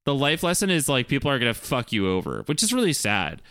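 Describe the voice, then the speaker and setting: A podcast co-host recapping an episode in casual chat, enthusiastic and quick to laugh. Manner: enthusiastic, very expressive pitch, laughs.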